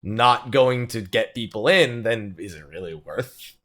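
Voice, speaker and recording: A man's voice: lowish voice, expressive, measured pace, pushed and bright. A man hosting a casual gaming podcast, teasing his cohosts and laughing often. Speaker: podcast host.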